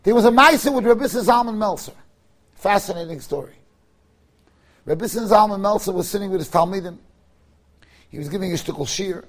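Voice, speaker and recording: A man, a rabbi, giving a sermon and telling a story in an animated way, moving between hushed passages and loud ones. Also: sits high, a little fast, long pauses.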